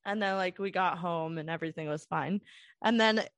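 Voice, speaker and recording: A woman's voice: lowish voice, normal speed, dry recording. A young woman telling a long story in a casual, rambling chat full of "like" fillers. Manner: rambling, animated, many "like" fillers.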